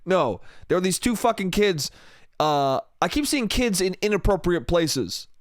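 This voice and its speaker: A young man talks alone into a close mic, hosting his own podcast in a loose, rambling way. His voice sits a little high for a man and the sound is dry, with no room around it. He swears freely and laughs at his own jokes. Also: expressive, normal speed, dry recording. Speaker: podcast host. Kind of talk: solo podcast monologue.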